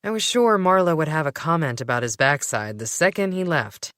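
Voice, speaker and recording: A woman with a low voice reads a first-person audiobook, her pitch moving in a lively, expressive way. Her delivery has a sardonic edge. The recording is dry and close. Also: brisk, no echo. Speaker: audiobook narrator.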